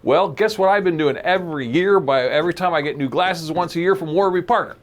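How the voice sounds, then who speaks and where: Guy hosting a podcast, high voice, jokey rambling, lots of laughs. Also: fairly quick. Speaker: podcast host. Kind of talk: casual chat.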